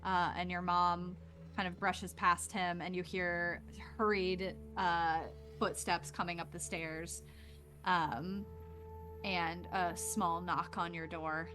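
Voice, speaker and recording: A woman's voice: on the low side, level tone, slow pace, bright, forceful tone, soft background music. A woman running a tabletop role-playing game, narrating scenes casually with many fillers. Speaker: game master.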